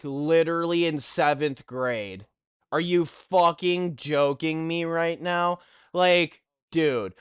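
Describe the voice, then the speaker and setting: Young male vlogger, crisp clear voice, unhurried, cursing, fed-up storyteller. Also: sits high, dry recording, clean studio sound. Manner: animated, swears constantly, exasperated. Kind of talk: profane ranting storytime.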